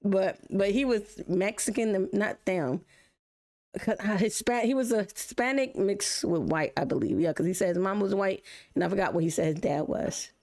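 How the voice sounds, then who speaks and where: A woman's voice: medium pitch, moderate pace. A woman live-streaming a reaction video, chatting casually and telling stories, swearing freely. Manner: profane, animated storytelling with laughs.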